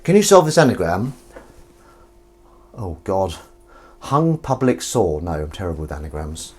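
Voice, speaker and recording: Low-voiced man chatting over dishes. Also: very animated, measured pace, a little mellow, slightly rough. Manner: rambling, chatty, jumps between film trivia and asides. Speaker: vlogger washing up. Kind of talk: casual chat while washing dishes. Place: home kitchen. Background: clinking dishes and cutlery.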